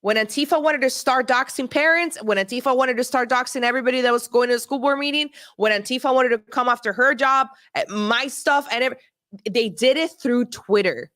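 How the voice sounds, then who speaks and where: A woman's voice: high voice, a little fast, a bit bright. A woman with an accent co-hosting a political podcast, talking emphatically and repeating her points. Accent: non-native English. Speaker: podcast co-host.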